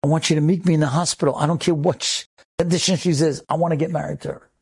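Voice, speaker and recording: A man's voice: a little high, fairly even intonation, fast, gravelly, husky, dry recording. A man voicing a young groom who prays tearfully and pleads for his bride. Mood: urgent.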